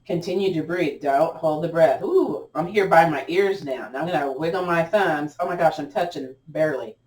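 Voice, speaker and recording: A woman leading a gentle yoga class, giving upbeat, cheering cues with chatty asides, her voice a little cracked as she clears her throat. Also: deep voice, normal speed. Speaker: yoga instructor. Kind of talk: guided yoga class instruction. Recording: echoey room, distant mic.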